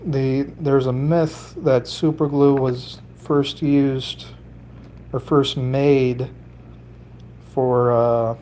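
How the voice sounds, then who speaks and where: Speaking extremely slowly, a medium-pitched man with a dark, steady tone chats through a solo livestream while building fishing lures. He rambles, cracks jokes to chat as he works with his hands, and puts on a slight Italian lilt. Slight background noise sits underneath.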